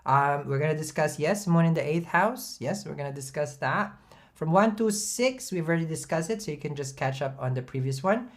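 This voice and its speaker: A low-pitched woman chats loosely through a livestream, greeting viewers one by one. She is middle-aged, talks in a friendly rambling way, and laughs often between her remarks. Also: expressive, brisk. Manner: chatty, laughs often, shout-outs to viewers. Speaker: astrology livestream host. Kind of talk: casual livestream chat reading comments.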